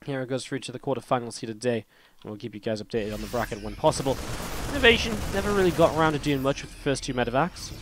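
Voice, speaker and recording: A man's voice: medium pitch, quick pace, a bit bright, slight background noise. A man casting a live esports match, chatting to viewers in a rambling way, his voice slightly strained. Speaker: esports caster and host. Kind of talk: live play-by-play game commentary.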